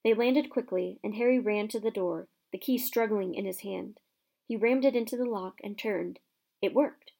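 A woman narrating a children's fantasy novel aloud with expressive, lively storytelling. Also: mid-range voice, moderate pace, creaky.

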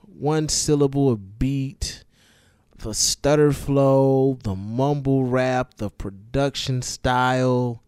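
A man in casual, profane conversation about hip-hop songs, animated and given to building up his points. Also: medium pitch, slow, clean tone, no room sound, studio quality. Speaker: podcast co-host.

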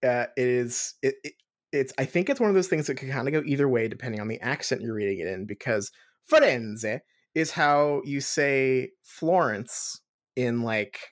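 A woman's voice: rumbling low, normal speed. A woman co-hosting a podcast, chatting casually with rambling, jokey asides. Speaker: podcast co-host. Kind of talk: casual chat.

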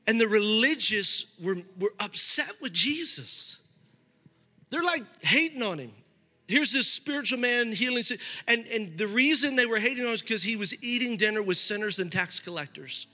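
A man's voice: sits high, animated, normal speed, pushed and bright. A middle-aged man preaching a sermon as a pastor, talking in a loose, conversational way with frequent restarts. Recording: hall reverb with faint music.

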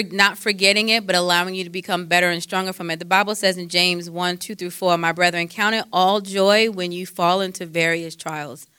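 A woman with a bright, forceful voice and a somewhat low pitch talks through faith-based advice as a counselor. She is conversational, quotes scripture and leans on fillers. The sound is dry and close. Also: clear, resonant tone, dry recording.

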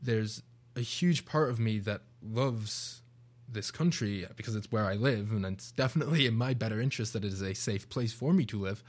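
With a lowish voice at a moderate pace, a young British man co-hosts a casual radio discussion in a British accent. He comes across as reflective and earnest, quickening whenever he makes a point.

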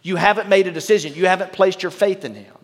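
A male pastor reads scripture to his congregation, then drops into candid, wisecracking asides. His voice sits a little high for a man. The sound rings with the long reverb of a large church sanctuary. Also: fast talker. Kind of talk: sermon.

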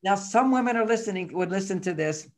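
An older man talks through relationship advice as a podcast guest, his voice sitting a little high for a man. He tells stories with energy and acts out the lines of the people in them. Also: fast talker. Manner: animated storytelling, acts out quoted voices. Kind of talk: casual interview chat.

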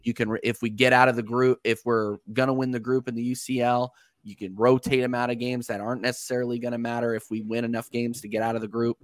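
A man in casual football chat on a call, measured and a little hesitant, with ums and restarts. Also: medium pitch, level tone, dry recording, studio quality. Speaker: football panel guest.

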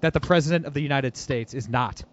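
A man hosts a political podcast, talking casually and animatedly at a quick pace, often mocking and laughing. His voice is medium-pitched, and the audio is dull and lo-fi.

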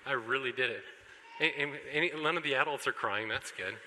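A man preaching in a church hall, his voice very bright and forceful. He talks in an animated way and jokes with the congregation. A long reverb from the hall trails behind his words. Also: medium pitch, a little fast, slight background noise. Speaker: pastor. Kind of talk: sermon.

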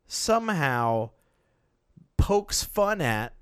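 A man co-hosting a podcast, chatting casually and excitedly about movies, swearing now and then. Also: on the high side, extremely slow, smooth, dry recording, studio quality. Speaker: podcast co-host. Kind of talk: casual chat.

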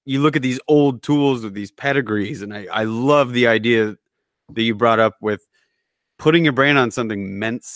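A man's voice: mid-range voice, no echo. Rambling man in dry close sound. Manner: rambling, animated, quick to laugh at himself. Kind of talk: casual podcast chat.

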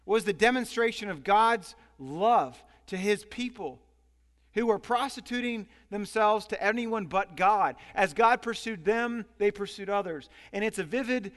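A man preaching a sermon as pastor, animated and storytelling. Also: high voice, measured pace. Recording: long hall reverb.

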